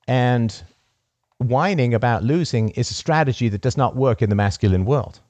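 A man's voice: medium pitch, normal speed, a little mellow, dry recording. A man hosting a call-in show, talking emphatically, repeating key phrases and laughing at his own stories. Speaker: podcast host. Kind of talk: call-in conversation.

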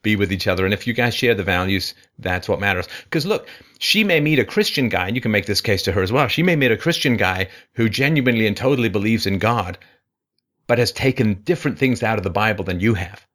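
A man's voice: on the low side, fast. Emphatic man hosting a call-in show. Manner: emphatic, animated, rhetorical questions. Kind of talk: call-in advice talk.

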